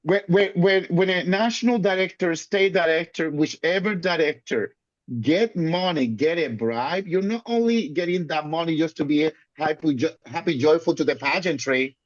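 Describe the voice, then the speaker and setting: A man's voice: fairly high pitch, normal speed, no echo, dull audio. A man on a group video chat as a guest panelist, emphatic and stumbling over repeated words. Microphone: video call.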